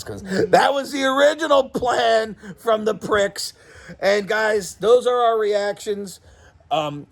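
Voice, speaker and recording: A man hosting a casual reaction chat, excitable and profane, often laughing and breaking into shouts. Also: high voice. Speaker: host of a toy and wrestling channel.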